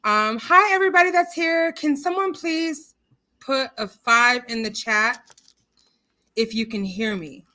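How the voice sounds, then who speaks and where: Bubbly, loud woman livestream host. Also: fairly high pitch, a little slow. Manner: bubbly, chatty, greets viewers by name; loud, expressive. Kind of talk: casual livestream chat. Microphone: computer mic, streaming software.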